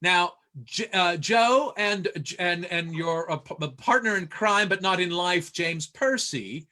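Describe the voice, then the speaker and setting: Bright, high-voiced joking man host. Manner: joking, stammering, quick laughs. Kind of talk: casual video-call chat. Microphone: video call.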